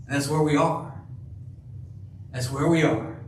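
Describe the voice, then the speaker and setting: A male pastor preaching a sermon in a church, slow and emphatic, dropping to a hush for key phrases. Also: a little high, fairly even intonation, slight background noise. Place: church sanctuary. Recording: echoey room, heard from a distance.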